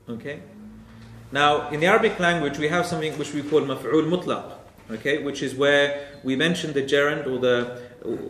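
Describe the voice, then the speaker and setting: A man's voice: medium pitch, fairly bright tone, roomy sound, slight background noise. A man teaching a Quran exegesis class, explaining Arabic grammar step by step and repeating key phrases for emphasis.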